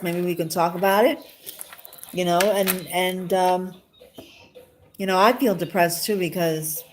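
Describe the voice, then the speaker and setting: On a live stream, a woman talks casually and directly to one viewer, asking the same questions over and over in a rambling, emotional way. Her voice is lowish and a little mellow.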